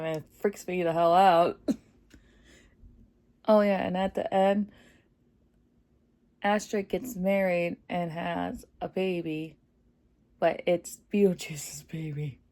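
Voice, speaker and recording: A woman giving a casual, excited movie review, chatty and full of fillers, laughing often. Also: fairly low pitch, takes it slowly, pauses often. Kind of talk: casual spoiler review vlog.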